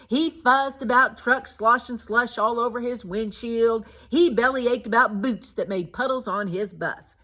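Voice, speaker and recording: A woman reading a children's picture book aloud, expressive and animated. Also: fairly high pitch, a little slow, few pauses. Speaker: storybook reader.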